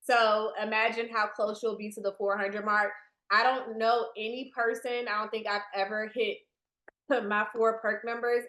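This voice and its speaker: A woman runs a business training presentation over a video call for new team members, chatty and speaking right to her listeners. Her mid-range voice has a fairly bright tone, heard in an echoey room.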